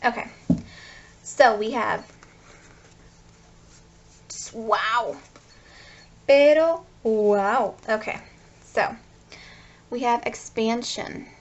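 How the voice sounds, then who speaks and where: A woman's voice: on the high side, very slow, long pauses. A woman giving a tarot card reading, gushing and speaking straight to her viewers. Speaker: tarot reader.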